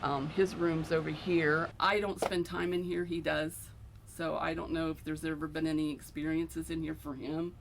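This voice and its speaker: Gravelly middle-aged woman, anxious storyteller. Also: sits low, level tone, moderate pace. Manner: earnest, anxious storytelling with repeated phrases. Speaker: homeowner describing hauntings. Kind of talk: recounting experiences on a paranormal show. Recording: echoey room with faint noise.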